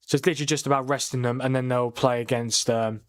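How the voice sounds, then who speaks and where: A man's voice: mid-range voice, steady tone, quick pace. A man hosting a live watchalong stream, chatting casually, debating and answering viewers' comments. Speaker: livestream watchalong host. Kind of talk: casual live football chat.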